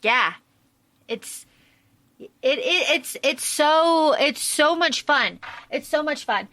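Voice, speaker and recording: A woman hosts a casual podcast, her voice sharp and high. She tumbles through a story with plenty of fillers and restarts. The sound is dry and close to the mic. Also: takes it slowly, dry recording. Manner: animated plot retelling with many fillers. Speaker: podcast host.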